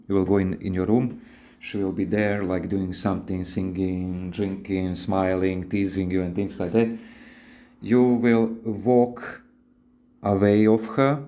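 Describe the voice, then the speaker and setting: A man's voice: fairly low pitch, warm tone. A man hosting a podcast, giving advice in a rambling, casual, instructive monologue with frequent restarts. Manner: rambling, repeats words and restarts often.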